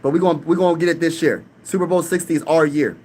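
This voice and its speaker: A man's voice: on the high side, steady tone, quick pace, a little mellow, a little hiss or hum. A young man from Pennsylvania hosting a casual live-stream sports talk, hyped and trash-talking while reading the chat aloud. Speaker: sports channel host.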